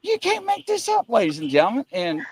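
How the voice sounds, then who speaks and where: Excitable high-voiced male host. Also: brisk, vocal fry. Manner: excitable, laughs through his story. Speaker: show host. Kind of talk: animated storytelling chat. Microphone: video call.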